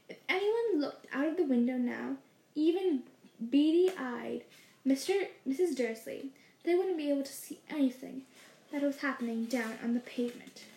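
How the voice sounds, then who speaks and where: A woman with a high voice reads a novel aloud, expressive and lively. The reading echoes in a roomy space. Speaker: storyteller. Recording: roomy echo.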